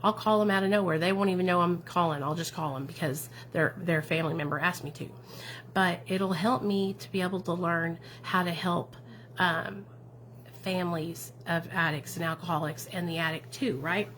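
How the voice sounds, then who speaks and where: A lowish, fairly bright voice at an ordinary pace comes from a woman streaming as a recovery advocate, with a little hiss or hum in the background. Chatting casually, she replies to viewers' comments in an affirming, encouraging manner, often tagging her points with questions.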